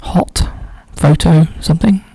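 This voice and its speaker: A man's voice: a little high, fairly even intonation, slow pace, creaky, dark tone, husky, dry recording, low-quality recording. A man solving a crossword aloud, musing and muttering clues half to himself. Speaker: crossword solver. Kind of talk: thinking aloud while solving a puzzle.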